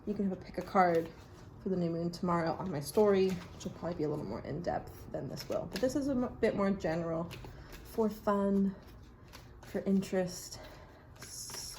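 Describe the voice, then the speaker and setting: A woman chatting casually and reflectively in her bathroom while drawing oracle cards, often dropping to a hushed voice. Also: on the low side, a little hiss or hum. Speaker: vlogger reading oracle cards. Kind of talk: casual rambling chat. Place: home bathroom.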